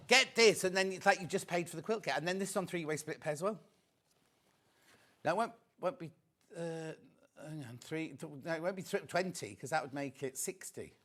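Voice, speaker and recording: A British man presents live on a TV shopping channel with his voice sitting fairly high. His pitch swings widely as he chats, counts down stock and teases the crew. He sounds excitable and talkative. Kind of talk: live TV shopping sales patter. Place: TV studio.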